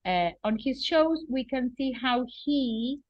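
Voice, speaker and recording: A woman's voice: sits high, lively intonation, slow, no echo. A woman teaching an English vocabulary lesson, patiently explaining words and checking in with her students. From Argentina. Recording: dull, lo-fi and dry.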